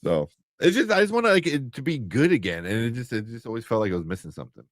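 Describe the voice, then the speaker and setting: A man with a mid-range, sing-song voice and a quick pace co-hosts a live entertainment news show. Chatting casually, he laughs as he reads viewer comments aloud, and the sound is studio quality without echo.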